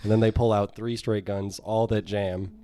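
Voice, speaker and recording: A man with a slightly low voice co-hosts a film podcast. He makes wry, dry-humored remarks and leads the show from one segment to the next. His voice is recorded close and dry. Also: little pitch movement, normal speed, warm tone, no echo. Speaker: podcast co-host. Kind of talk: casual film discussion.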